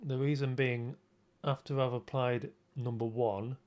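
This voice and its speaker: A man hosting a relaxed livestream, talking viewers through his makeup at an unhurried pace. His chat rambles and mocks himself, often restarting sentences. His pitch sits in an ordinary middle range. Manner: rambling and self-mocking, with repeated restarts. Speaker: streamer. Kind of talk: casual livestream chat during a makeup tutorial.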